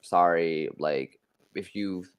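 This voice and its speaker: A man's voice: low voice, slow, clean tone. A young man hosting a casual podcast livestream from an unfinished home studio on a desk mic, brash and profane, rambling with lots of fillers. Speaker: podcast host.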